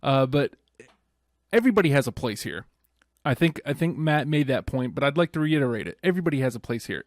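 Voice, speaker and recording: A man's voice: fairly high pitch, a little mellow, no room sound, clean studio sound. A man co-hosting a casual radio show, upbeat and repeating points for emphasis.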